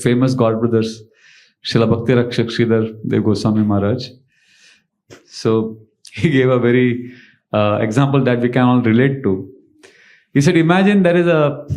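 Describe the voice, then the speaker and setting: Man giving an animated devotional lecture. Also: mid-range voice. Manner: animated storytelling with emphatic rhetorical questions. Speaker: spiritual teacher. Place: temple lecture hall.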